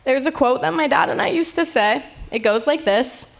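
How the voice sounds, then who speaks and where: A woman's voice: high-pitched, normal speed, creaky, hardly any pauses. An eighteen-year-old woman reading a tender, heartfelt eulogy at a memorial gathering. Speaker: eulogy speaker, eldest daughter.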